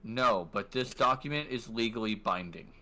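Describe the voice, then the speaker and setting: A man's voice: mid-range voice, normal speed, pushed and bright, close to an everyday voice. A man voicing a dismissive male bank manager who speaks formally and curtly. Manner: formal, curt, bureaucratic.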